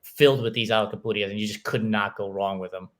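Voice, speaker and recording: A podcast host who grew up in New York City talks in a lowish voice at a quick pace. He chats casually and tells relaxed stories, laughing often.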